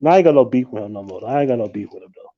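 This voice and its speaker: A man hosting a live stream, talking in a casual, animated and profane way, often breaking into laughter. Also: mid-range voice, rapid-fire, muffled recording.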